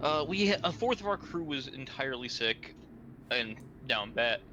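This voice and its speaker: A man playing a tabletop game, casually chatting with quick, joking remarks. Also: medium pitch, expressive, highs cut off, background noise. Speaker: player.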